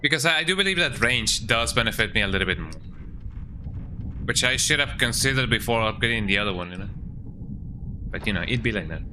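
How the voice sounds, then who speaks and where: Young guy streamer, super bright voice, jokey, bounces all over in pitch, keeps going "eh?". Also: lively intonation, a little fast, long pauses, a little hiss or hum. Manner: playful, jokey, keeps tagging lines with "eh?". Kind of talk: casual gameplay commentary.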